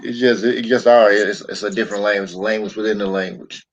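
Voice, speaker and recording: A man with a fairly low voice hosts a relaxed conversation, looping back over his words and leaning on "you know." The audio is dull and lo-fi, with a faint hiss underneath. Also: brisk. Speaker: host. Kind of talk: casual chat.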